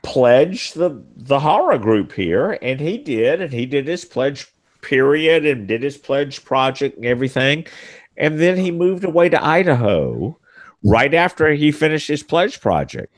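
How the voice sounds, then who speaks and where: A man hosting a casual group chat, rambling and halting with lots of fillers. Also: on the high side, very animated.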